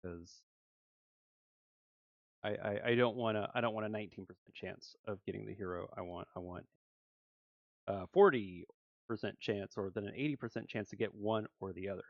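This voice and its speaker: A man hosting a gaming channel, commentating his summon pulls with animated swings between hype and letdown. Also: fairly low pitch, moderate pace, long pauses, dry recording, highs cut off. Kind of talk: excited gacha pull commentary.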